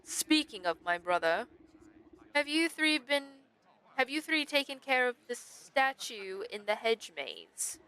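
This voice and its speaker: A woman's voice: a little high, very animated, unhurried, bright, forceful tone, clean tone, full character voice, low-quality recording. A woman doing a pompous stag king. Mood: haughty.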